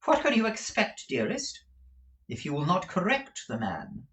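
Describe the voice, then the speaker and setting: A raised, lilting voice plays a coy, pouting lady of fashion, as a male reader puts her on. She speaks primly and sweetly with a lively, sing-song rise and fall. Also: high-pitched, measured pace, reverberant, voice pushed up, full character voice. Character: prim, pouting fashionable wife, milliner.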